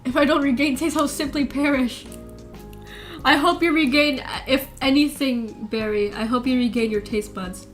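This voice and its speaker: A young woman live streamer chatting casually with her viewers, laughing often. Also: sits high.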